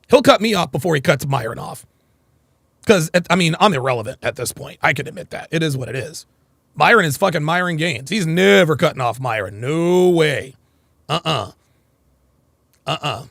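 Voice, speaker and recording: Hoarse livestream guy, gravelly and a bit high, rambles and swears, dry sound. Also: animated, moderate pace, fairly bright tone, no echo. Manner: rambling, repeats phrases, swears; reads out chat comments. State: hoarse, nearly lost voice. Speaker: livestream host. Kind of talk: casual livestream commentary.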